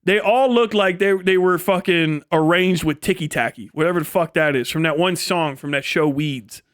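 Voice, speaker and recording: A man with a fairly high voice, hosting a live stream. He rants in a rambling, profane, mocking comedic style, and breaks into laughs now and then. The recording is dry and close, with no room echo. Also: moderate pace, smooth. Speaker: livestream host.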